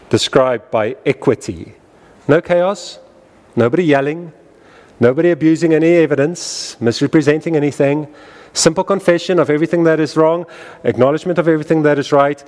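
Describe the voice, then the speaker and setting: A man preaching a sermon in an emphatic style, repeating phrases with wide rises and falls in pitch. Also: moderate pace, a little mellow. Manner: emphatic, repetitive cadence with wide swings in pitch.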